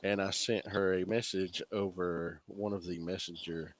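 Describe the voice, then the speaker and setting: A man's voice: sits low, normal speed. Laughing, crude-talking man. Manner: laughing storyteller, crude and animated. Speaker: podcast host. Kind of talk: casual podcast chat.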